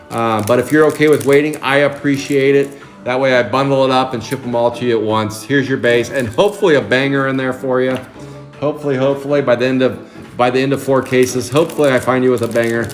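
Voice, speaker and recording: A man with a mid-range voice hosts a live trading card break, chatting excitedly and calling out card names.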